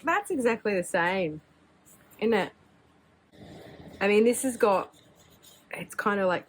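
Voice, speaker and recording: A woman's voice: medium pitch, slight background noise, rough recording. An Australian woman chatting casually as she swatches fountain pen inks, rambling and chatty, sometimes breaking into bits of song. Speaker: fountain pen ink vlogger.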